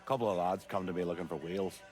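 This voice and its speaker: A man's voice: deep voice, fairly even intonation, fast talker, a little mellow, faint music behind, natural voice. A man playing a foul-mouthed Belfast crime boss. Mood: gruff, scheming. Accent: Belfast Irish. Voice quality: heavy profanity, blunt. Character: foul-mouthed Irish male crime boss, gruff and scheming.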